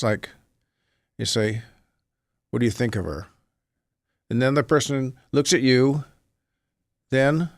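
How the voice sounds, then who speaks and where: A man's voice: medium pitch, dry recording, studio quality. A man, an actor, talking casually as a guest, rambling and acting out little examples as he explains. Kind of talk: casual talk-show chat.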